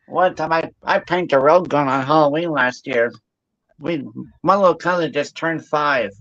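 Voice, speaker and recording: Bright-voiced man telling quick stories. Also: on the high side, highs cut off. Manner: animated, quick, acts out quotes. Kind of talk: casual storytelling.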